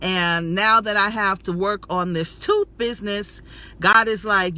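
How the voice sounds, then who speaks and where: Bright, preachy woman vlogger. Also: medium pitch, measured pace. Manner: preachy and affirming, calls viewers sweetie and y'all. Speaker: health and spirituality vlogger. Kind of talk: emotional personal testimony to camera.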